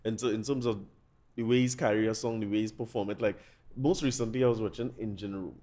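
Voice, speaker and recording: A man hosting a podcast, asking questions in a relaxed way and affirming his guest. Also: fairly low pitch, fast. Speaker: podcast host. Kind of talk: casual interview chat.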